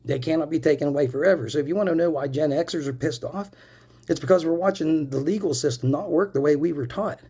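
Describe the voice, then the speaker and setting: This Pennsylvania vlogger in his forties smokes as he delivers an angry, profane personal rant to camera, repeatedly calling out to viewers as "people." He speaks fairly quickly in a slightly high, mellow, husky voice.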